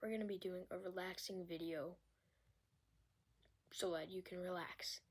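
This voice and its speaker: A woman whispering softly as she makes relaxing ASMR sounds, rambling and a little self-conscious. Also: lowish voice, steady tone, moderate pace, slightly rough. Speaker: video creator.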